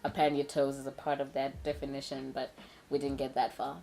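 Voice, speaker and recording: A woman's voice: rumbling low, monotone, fairly quick, gravelly, a little mellow. A young adult woman co-hosting a casual chat, telling a story animatedly with frequent laughter and many "right?"s. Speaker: co-host.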